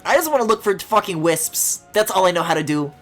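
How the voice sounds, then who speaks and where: A woman streaming a video game, chatting casually and swinging between loud squealing outbursts and low mutters, swearing often. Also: lively intonation, fairly quick, soft background music.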